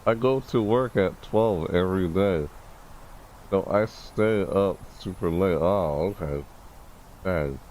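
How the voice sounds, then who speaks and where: A man streaming a live reaction, thinking aloud, rambling and correcting himself, with excitable bursts. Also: slow, slight background noise. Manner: excitable, bursts into high shouts.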